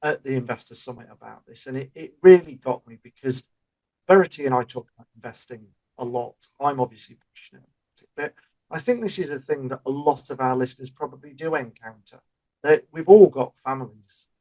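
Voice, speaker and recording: A man's voice: medium pitch, fairly quick, warm tone, poor audio. Guy on a podcast, chatty, explains stuff with little examples. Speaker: podcast co-host. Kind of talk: casual chat.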